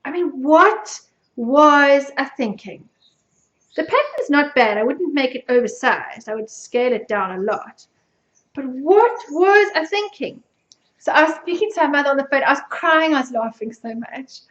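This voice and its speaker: A South African woman with a high voice chats casually on her podcast, poking fun at herself and laughing often. The recording sounds dull and lo-fi. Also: animated, fairly quick, a bit bright, echoey room. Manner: chatty, self-mocking, laughs often. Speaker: podcast host. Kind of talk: casual chat.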